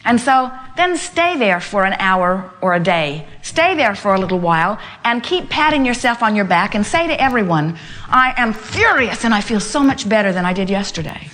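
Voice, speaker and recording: A woman's voice: medium pitch, big pitch swings, moderate pace, fairly bright tone. An older woman giving an emphatic inspirational talk to a live audience, speaking as "we" and building her points through repetition. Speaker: spiritual speaker addressing an audience.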